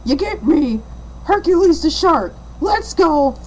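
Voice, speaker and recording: A woman's voice: high-pitched, very animated, slow, a little mellow, heavily acted, low-quality recording. A woman voicing a boastful talking shark who fills in as livestream host, chatting in a rambling way. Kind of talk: rambling livestream in-character patter.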